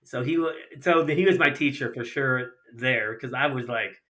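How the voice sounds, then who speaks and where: Bright-voiced middle-aged man spinning race yarns. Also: medium pitch, moderate pace. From Ohio. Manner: animated anecdotes with lots of acted-out dialogue and casual slang. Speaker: guest, retired sprint car racer. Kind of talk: casual storytelling in a podcast interview.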